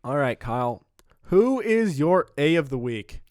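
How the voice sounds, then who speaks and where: A young man chatting on a podcast with a lively, bouncing voice that jumps high when he gets worked up and drops to a mumble when deflated. His voice sits a touch high for a man. The sound is dry and close, with no room around it. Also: a little slow, dry recording. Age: young adult. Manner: animated, joking, swings from loud to mumbling. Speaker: podcast co-host. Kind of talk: casual chat.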